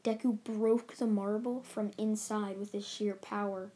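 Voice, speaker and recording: A woman hosting her own channel rambles through a casual story recap, often restarting her sentences and leaning on filler words. Her voice stays mellow and low in brightness, and her pitch barely moves. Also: level tone, measured pace. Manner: rambling, loose retelling with many restarts and "like"s. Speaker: channel host.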